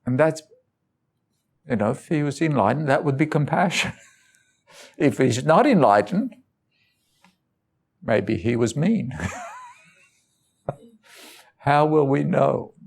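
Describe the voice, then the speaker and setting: A man's voice: medium pitch, expressive, takes it slowly, creaky, long pauses. A man giving an informal talk, telling personal stories in loose, conversational phrasing and chuckling often. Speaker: guest speaker.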